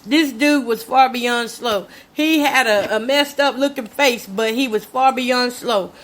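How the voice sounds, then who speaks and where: A somewhat high, slightly bright voice belongs to an older woman speaking a little slowly. She hosts a casual vlog and chats emphatically through a story as she cooks, calling everyone "y'all."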